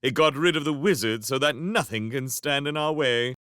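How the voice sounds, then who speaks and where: A man's voice: medium pitch, moderate pace, bright, forceful tone, smooth, no echo, clean studio sound, voice pushed up, close to an everyday voice. A man voicing an arrogant, scheming young prince who talks in a theatrical, menacing way.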